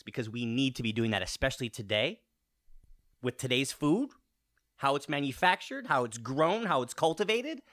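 A man in his late thirties talks to his viewers in a casual fitness vlog. His nose is running and he sniffles. His pitch rises and falls a lot as he fires off rhetorical questions and swears in passing. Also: bright, forceful tone. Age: 30s. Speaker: fitness vlogger.

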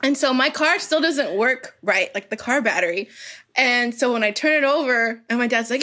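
A woman's voice: on the high side, normal speed, pushed and bright. A young woman telling a story in casual podcast chat, laughing often, swearing and filling her talk with "like". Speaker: podcast guest.

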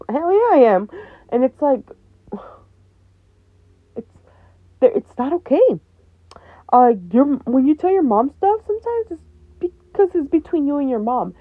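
A woman's voice: mid-range voice, dry recording. Tinny-sounding young woman talking bluntly. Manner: blunt, swears often, laughs between heavy points. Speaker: podcast host. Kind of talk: candid personal talk. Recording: dry, tinny phone-like sound.

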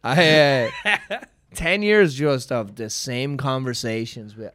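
A man's voice: medium pitch, takes it slowly, fairly bright tone. An Irish comedian in his thirties chatting as a podcast guest, wry and self-mocking, laughing often. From Ireland. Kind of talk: casual podcast chat.

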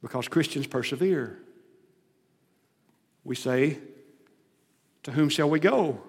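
A man's voice: fairly high pitch, takes it slowly, a little mellow, slightly rough. A man preaching a sermon, retelling scripture with dramatic, rising emphasis. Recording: long hall reverb.

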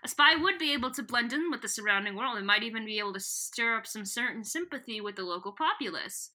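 A woman putting on a lowered, measured voice for a scheming alien official. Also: expressive, sharp tone. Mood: smug.

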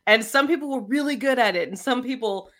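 A woman co-hosts a casual chat with a bright, sharp-edged voice. She talks with playful enthusiasm. Giggles come easily to her. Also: fairly high pitch, a little fast. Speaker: podcast co-host.

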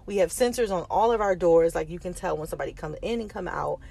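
A woman's voice: fairly low pitch, fast, creaky, mellow, husky. A woman in her thirties from the United States, telling a personal story in a chatty vlog style with lots of fillers and restarts. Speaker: vlogger.

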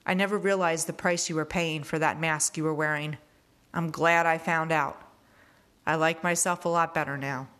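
Woman reader doing a wistful, studious teen boy, slightly low voice. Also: steady tone, fairly bright tone. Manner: reflective, measured. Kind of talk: reading a novel aloud.

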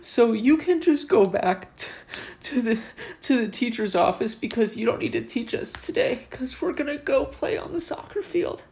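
A man voicing a sweet fourth-grade girl, in a high, bright child's voice. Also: expressive, normal speed, creaky, heavily acted. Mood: breezy. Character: sweet little schoolgirl, fourth grader, calmly dismissive.

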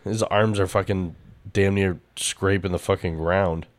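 A man with a very low, deep voice trades crude jokes in loose podcast banter. He swears freely and keeps the talk casual and offhand. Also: fairly even intonation, a little slow. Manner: crude, joking, swears a lot. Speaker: podcast co-host. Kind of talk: casual chat.

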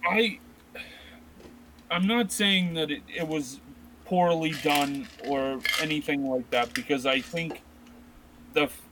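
A man's voice: a little high, slow, pauses often, background noise. A man in his thirties co-hosting a casual chat about video games, rambling with many restarts. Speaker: podcast co-host.

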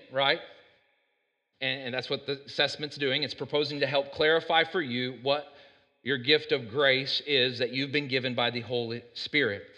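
A man preaching a conversational sermon, often checking in with "right?" and getting louder to stress his points. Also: a little high. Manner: conversational, keeps asking the room "right?"; animated, jumps in loudness when stressing points. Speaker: pastor. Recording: long hall reverb.

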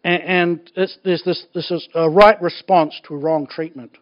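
A man preaching a sermon in an animated, joking way, laughing often. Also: a little high, measured pace. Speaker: pastor. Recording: dull lo-fi recording.

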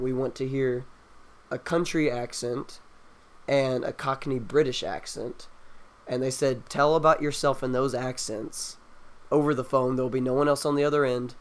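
A young man recounting a story in casual chat with friends, relaxed and quoting what others said. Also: mid-range voice. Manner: relaxed storytelling with quoted dialogue. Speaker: co-host.

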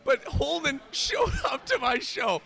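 A man's voice: very high voice, sing-song, slow, creaky, sharp tone, faint music behind. A man and comedian chatting on a podcast, telling rambling stories with restarts and laughs. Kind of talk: casual chat, storytelling.

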